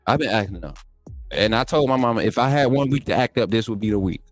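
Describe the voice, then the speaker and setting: A man's voice: on the low side, fast, no room sound, faint music behind. A man with an Alabama accent hosting a live call-in sports stream, reading super chats in a hyped, trash-talking, playful way. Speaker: live stream show host.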